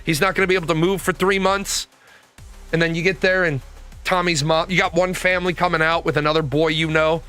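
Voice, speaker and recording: Profane, animated man ranting on stream. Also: fairly high pitch, fairly quick, clear, resonant tone, soft background music. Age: 40s. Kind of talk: ranting casual talk.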